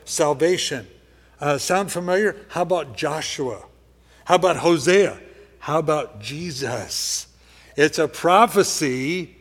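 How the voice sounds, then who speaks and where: A male pastor preaching a sermon. He talks conversationally, checks in with "okay?", and swings from loud emphasis to quiet asides. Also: a little high. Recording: reverberant hall.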